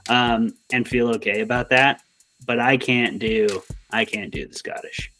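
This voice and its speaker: A man's voice: medium pitch, fairly even intonation, a little slow, sharp tone. A man co-hosts a casual podcast in a mid-range voice. He jokes and rambles with lots of fillers and half-finished phrases. A faint bed of music sits under the talk. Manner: joking, rambling with many fillers. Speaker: podcast co-host.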